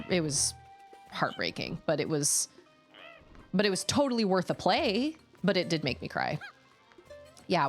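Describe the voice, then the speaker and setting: A young woman talking casually with her chat while playing a video game, chatty and animated. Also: fairly low pitch. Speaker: streamer. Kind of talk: casual live-stream chat while gaming. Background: faint game music.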